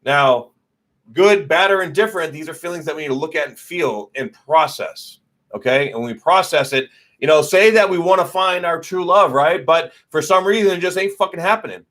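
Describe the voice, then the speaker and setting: A man hosts an easygoing astrology livestream in a fairly high, fairly bright voice at an ordinary pace. Loose and foul-mouthed, he scatters fillers throughout and answers viewers' comments as he goes.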